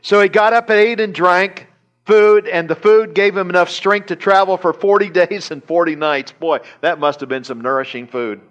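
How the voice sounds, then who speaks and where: Male pastor, fairly high voice; animated sermon storytelling with repetition. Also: normal speed. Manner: animated retelling with chuckles and repetition. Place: church service.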